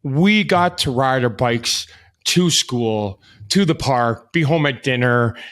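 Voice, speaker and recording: A man's voice: medium pitch, lively intonation, takes it slowly, a bit bright. A man talking as a podcast guest and youth hockey coach, in a blunt, rambling way with frequent restarts and some swearing. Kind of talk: candid casual conversation.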